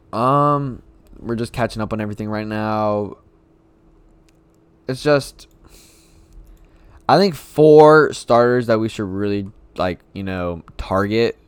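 A man rambles through casual solo sports talk as a frustrated fan, circling back and repeating his points. His voice is smooth and clear, recorded dry and close with no room around it. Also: fairly low pitch, no room sound.

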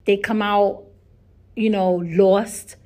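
A woman's voice: medium pitch, fairly even intonation, slow, warm tone. A woman hosting a solo podcast, talking in a chatty, earnest way and often restarting and repeating her words. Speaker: podcast host. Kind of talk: casual solo podcast monologue.

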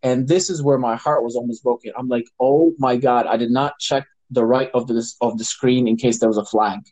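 A man, a regular of the show, telling a lively story in casual podcast chat. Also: mid-range voice, brisk, no room sound, poor audio. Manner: animated storyteller.

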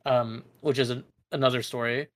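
A man's voice: mid-range voice, fairly even intonation, brisk. A young man guest on a podcast, talking casually in a rambling, hesitant way with many fillers. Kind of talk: casual chat.

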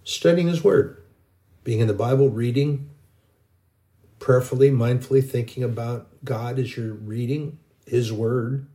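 A man's voice: medium pitch, a little slow, warm tone. A middle-aged man giving an informal, rambling sermon, earnest and full of restarts. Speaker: Christian video preacher.

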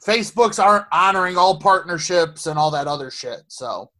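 A man's voice: sits high, expressive, moderate pace, bright, forceful tone. A man co-hosting a podcast, chatting casually with a loose, rambling delivery, lots of swearing and restarts. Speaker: podcast co-host. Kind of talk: casual chat.

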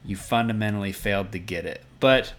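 Low-voiced man hosting a podcast. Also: brisk. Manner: relaxed, rambling, self-deprecating. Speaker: podcast host. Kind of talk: casual podcast chat.

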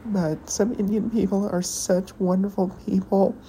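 A woman hosting a podcast, talking in a rambling, halting personal monologue while tearful and emotional. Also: medium pitch, level tone, mellow, a little hiss or hum, low-quality recording. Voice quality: halting, hesitant delivery with pauses. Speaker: podcast host.

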